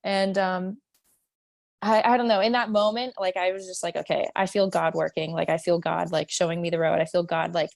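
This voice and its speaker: A woman's voice: on the low side, little pitch movement, brisk, gravelly, dry recording, clean studio sound. A woman in her twenties from California, a podcast guest speaking candidly with many fillers and restarts. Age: 20s. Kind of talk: podcast interview.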